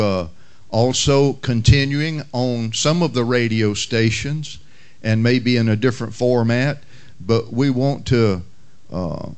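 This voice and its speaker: Slow-speaking male pastor preaching. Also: mid-range voice, darkish tone, clean tone. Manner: measured, unhurried preaching with fillers. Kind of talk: sermon with prayer and humorous story.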